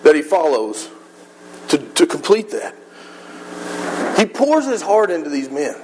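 Preacher, male, high voice, chatty earnest sermon, faint room ambience behind. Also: very animated, measured pace, background noise. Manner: earnest, conversational, acts out voices. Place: church.

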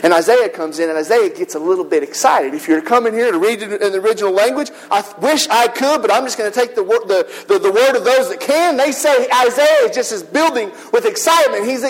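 High-voiced man preaching with fervor. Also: a little fast, few pauses, low-quality recording. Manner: impassioned, builds to shouted peaks. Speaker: pastor. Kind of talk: sermon. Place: church service with congregation.

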